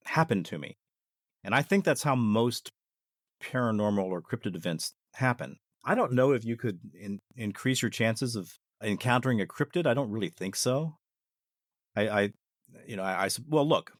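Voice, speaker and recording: A man sharing personal stories as a podcast guest, with a lively, swinging pitch. He talks casually and reflectively and often restarts his sentences. The recording is dry and close. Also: no room sound. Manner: animated, reflective, with frequent restarts. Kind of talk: casual storytelling.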